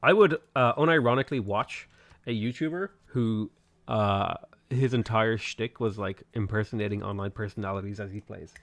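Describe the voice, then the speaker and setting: A man's voice: lowish voice, moderate pace. A man streaming a strategy game, chatting casually and answering viewers' questions. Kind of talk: casual gameplay commentary.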